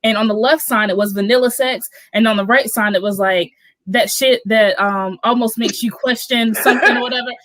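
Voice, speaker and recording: A woman's voice: a little high, fairly even intonation, a little fast, a bit bright, no echo. A woman guest on a podcast in casual chat, frank and sometimes searching for words.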